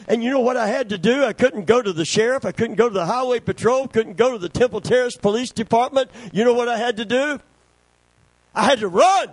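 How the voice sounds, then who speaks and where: A man preaching a sermon as pastor, full of amens and praise calls, swinging between loud declaring and hushed slow passages. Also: very high-pitched, expressive, no echo.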